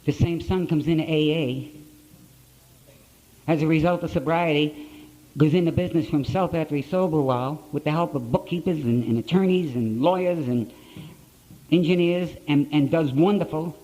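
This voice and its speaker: A middle-aged man giving a personal recovery talk to an audience, in blunt storytelling with plain, rough grammar, on an old conference tape. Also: a little high, moderate pace, mellow, low-quality recording.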